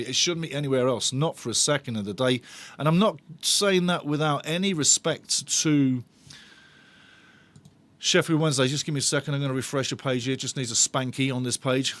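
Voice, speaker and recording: A man hosts a live watch-along for a football fan channel, bantering sarcastically with viewers. His voice is medium in pitch and a bit bright.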